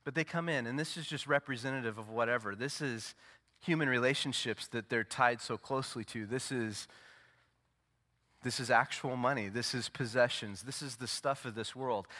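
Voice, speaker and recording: A man preaching a sermon as pastor, swinging from loud, emphatic peaks to low, intimate asides. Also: moderate pace. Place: church sanctuary.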